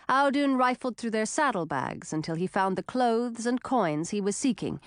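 A woman reading an audiobook in calm, scripted narration. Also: medium pitch, dry recording, clean studio sound.

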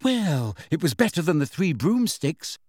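A man's voice: a little high, huge pitch swings, normal speed, breathy edge, no room sound, studio quality, full character voice. A man voicing an earnest teenage girl who answers defensively in an audiobook reading.

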